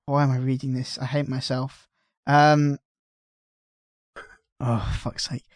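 A man's voice: medium pitch, flat delivery, slow, dry recording. A man co-hosting a casual podcast, reading out listener questions and stumbling over his words, mocking himself as he goes. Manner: self-mocking, trips over words with 'th' sounds. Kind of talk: casual chat.

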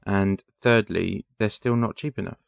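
A man's voice: fairly low pitch, moderate pace, creaky, no echo, clean studio sound. A man co-hosting a casual podcast, giving sarcastic, ranting answers. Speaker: podcast co-host. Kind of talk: casual chat.

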